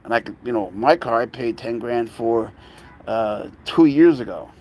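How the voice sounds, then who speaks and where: A man's voice: mid-range voice, moderate pace, a little mellow, a little hiss or hum. Chatty New York man cooing to cats. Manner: cooing baby talk to his cats, rambling and chatty. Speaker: pet owner livestreaming. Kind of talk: casual live stream chat.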